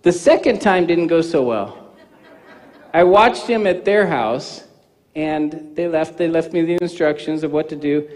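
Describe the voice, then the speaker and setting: A man in his fifties preaching a sermon, animated and telling stories, acting out dialogue in quoted voices. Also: sits high. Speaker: pastor. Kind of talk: sermon with personal storytelling. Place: church sanctuary. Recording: reverberant church hall.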